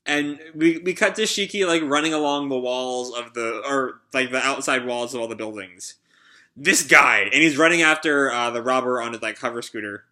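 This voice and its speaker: Bright-voiced man recapping a comic. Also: mid-range voice, normal speed. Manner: rambling recap full of "like" and "uh". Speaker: channel host reacting to a comic chapter. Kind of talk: live reaction recap.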